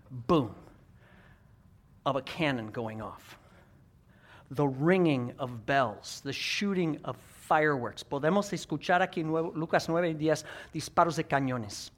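A man preaching as pastor to a congregation, animated, getting the room to make sound effects and then repeating each point in a second language. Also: on the high side. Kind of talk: bilingual sermon. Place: church sanctuary.

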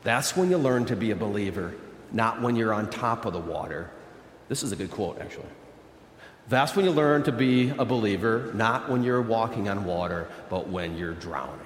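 Pastor preaching in an echoey church. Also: male voice, a little hiss or hum. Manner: dramatic, swings from loud emphatic bursts to low quiet intensity. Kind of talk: sermon. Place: large church hall. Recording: echoey church hall with long reverb.

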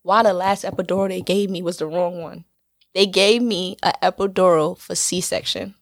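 A woman telling a story in a casual podcast chat, loud, profane and animated. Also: fairly low pitch, normal speed. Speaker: guest telling her birth story.

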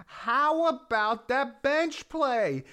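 A man's voice: very high-pitched, animated, drawn-out words, sharp tone, smooth. A man co-hosting a sports podcast, bantering and teasing his partner with enthusiasm. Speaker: podcast co-host. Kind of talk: casual sports podcast chat.

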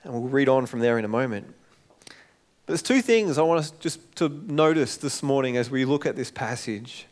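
A man's voice: mid-range voice, expressive, normal speed. A middle-aged man, preaching a sermon in a conversational way and acting out the quotes. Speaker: pastor.

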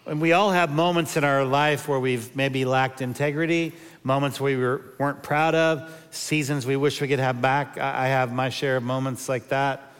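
A man's voice: medium pitch, fairly even intonation, moderate pace, few pauses, a bit bright, clear, resonant tone, big-room sound. A man in his fifties, a pastor giving a sermon and telling humorous personal stories. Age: 50s. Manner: humorous storytelling with personal anecdotes.

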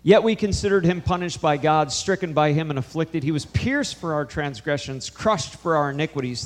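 A man's voice: fairly high pitch, big-room sound. A man preaching a sermon, telling a story and acting out a conversation with changing emphasis. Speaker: pastor.

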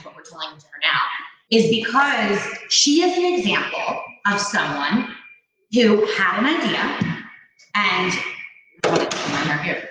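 Woman podcast co-host, casual and chatty, bright tone, distant mic in a roomy space. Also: mid-range voice, a little hiss or hum. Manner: chatty, many "like" fillers. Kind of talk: casual live chat. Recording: echoey room, far from the mic.

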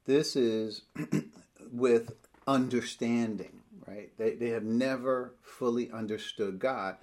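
A man teaching a bible study, explaining verses step by step and slowing down when he reads scripture aloud. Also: mid-range voice, a little mellow.

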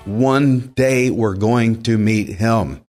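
Male pastor, mid-pitched voice, earnest and emphatic preaching delivery with frequent restarts. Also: takes it slowly, a little mellow, soft background music. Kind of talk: sermon.

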